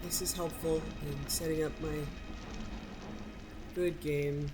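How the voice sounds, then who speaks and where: A woman's voice: low voice, steady tone, takes it slowly. A woman giving casual, opinionated commentary while she plays a video game, laughing often. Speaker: gameplay streamer. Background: game music.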